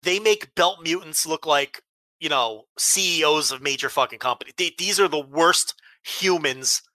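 A man's voice: on the high side, normal speed, pushed and bright, no echo. A man hosting a wrestling podcast, ranting bluntly with heavy swearing and exasperation. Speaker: podcast host. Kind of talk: casual chat, ranting.

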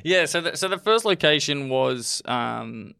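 A young man with an Australian accent, a guest telling his story in a casual interview, chatty and quick to laugh. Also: on the high side, lively intonation, creaky, pushed and bright, smooth, no room sound. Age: young adult. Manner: chatty, laughs often, many restarts.

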